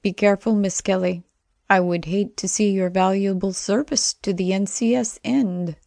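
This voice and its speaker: A woman's voice: medium pitch, fairly even intonation, normal speed, gravelly, a little mellow, dry recording, studio quality, lightly acted. A woman voicing a cryptic anonymous messenger with a cool, clipped, threatening manner in an audiobook.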